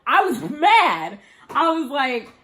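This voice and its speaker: A woman in her twenties telling a story in a casual, animated way, acting out what each person said. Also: sits high, slow pace. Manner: animated, dramatic retelling with voiced quotes.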